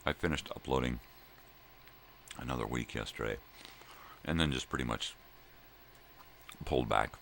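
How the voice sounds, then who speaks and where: A man's voice: extremely low pitch, normal speed, creaky, pauses often, a bit bright, slight background noise. An older man rambling casually to viewers from home in the early morning, profane and drifting between thoughts. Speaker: daily vlog host.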